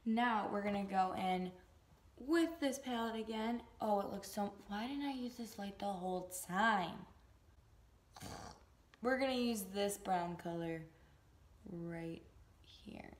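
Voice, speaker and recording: Slow-talking young woman vlogger. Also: mid-range voice. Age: young adult. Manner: chatty, goofy joking asides. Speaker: beauty vlogger. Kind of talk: casual makeup tutorial.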